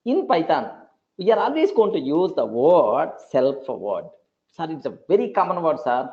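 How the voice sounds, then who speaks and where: Programming teacher, male, high and animated pitch, repeats himself, keeps checking that students follow, lo-fi recording. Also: moderate pace. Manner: repeats points, checks for understanding often. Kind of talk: classroom lecture. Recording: dull lo-fi recording.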